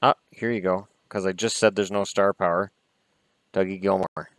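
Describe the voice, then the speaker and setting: A man's voice: deep voice, fairly even intonation, normal speed, no room sound. A man hosting a casual vlog, chatting in an opinionated way and swearing mildly as he opens trading cards. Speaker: hockey vlogger. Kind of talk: casual card-opening vlog chat.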